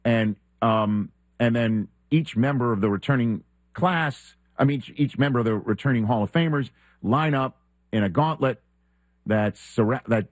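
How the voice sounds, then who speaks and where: A man hosting a sports talk show, telling a lively anecdote and acting out the quoted exchanges. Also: mid-range voice, moderate pace, dry recording. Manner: animated storyteller who acts out quoted exchanges.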